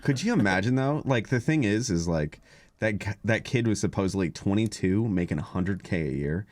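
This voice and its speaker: Low-ish guy rambling on his podcast, lots of ums and uhs. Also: expressive, moderate pace, a little mellow, no room sound. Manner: rambling, hesitant with many fillers. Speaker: podcast host. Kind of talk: casual chat.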